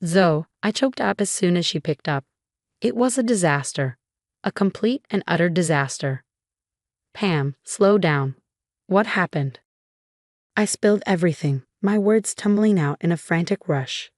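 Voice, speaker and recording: Low-voiced woman narrating a dramatic story. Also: animated, normal speed, darkish tone, no room sound, clean studio sound.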